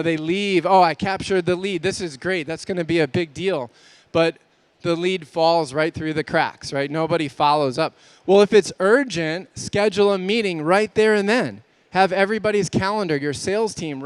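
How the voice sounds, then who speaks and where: A man giving an energetic conference talk to exhibitors, asking many rhetorical questions. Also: a little high, clear, resonant tone, dry recording. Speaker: conference speaker.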